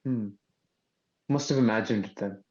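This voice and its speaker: A man's voice: on the low side, normal speed, darkish tone, lo-fi sound. A man playing a tabletop game, teasing the game master in a playful way. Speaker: player.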